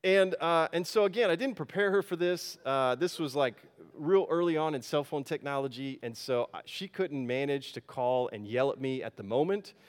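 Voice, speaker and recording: A pastor telling a personal story in a casual, folksy sermon, with frequent fillers. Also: male voice, fairly high pitch, lively intonation, normal speed, hardly any pauses.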